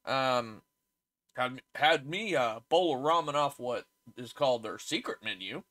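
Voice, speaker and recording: A man's voice: medium pitch, expressive, measured pace, a bit bright. A man with an Oklahoma accent, co-hosting a podcast in casual, teasing banter. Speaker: podcast co-host. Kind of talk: casual chat.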